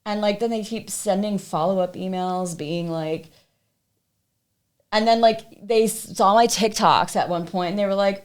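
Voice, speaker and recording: A woman's voice: fairly low pitch, normal speed. A woman guest on a podcast, talking casually and emphatically, often swearing as she tells her story. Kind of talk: casual chat.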